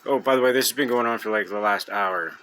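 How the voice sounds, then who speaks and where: A young man ranting angrily to camera about a game, swearing heavily, with loud outbursts. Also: fairly low pitch, fast, slight background noise. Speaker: gamer venting on video. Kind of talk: angry rant to camera.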